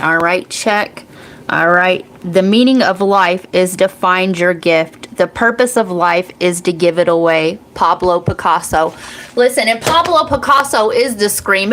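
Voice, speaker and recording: A woman's voice: medium pitch, a bit bright, slight background noise, low-quality recording. A woman in her forties hosting a psychic reading channel, talking in a blunt, profane, rambling way and laughing often. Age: 40s.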